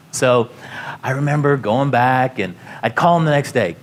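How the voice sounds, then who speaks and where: Everyday man in a casual talk: rambling anecdotes, lots of "you know", mid pitch. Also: normal speed. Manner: rambling, full of "you know" fillers and restarts. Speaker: company founder speaking to students.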